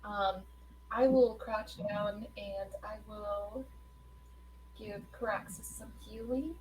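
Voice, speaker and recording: A woman's voice: medium pitch, fairly even intonation, slow pace, darkish tone, rough recording. A woman playing a tabletop game in casual chat, hesitant and full of fillers. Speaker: player. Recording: faint background hum.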